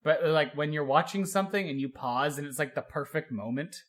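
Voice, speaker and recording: A man's voice: on the high side, brisk. A young man co-hosting a podcast, telling stories in casual chat with lots of filler words and bursts of laughter. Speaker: podcast co-host.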